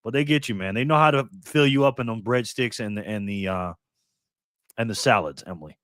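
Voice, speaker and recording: Hosting a casual livestream, a man reads viewer comments, greeting people by name and calling them "man" and "bro." His voice is lowish, fairly quick and fairly bright, captured in studio quality with no room sound.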